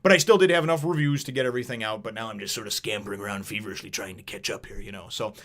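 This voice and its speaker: Fast-talking man rambling through a review. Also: fairly low pitch, fairly bright tone. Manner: rambling, profane, chatty. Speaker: manga reviewer. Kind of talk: casual review vlog.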